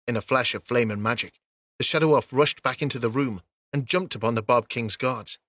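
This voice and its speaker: A man narrating a fantasy story as an audiobook, steady and even. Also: medium pitch, brisk, no echo, studio quality.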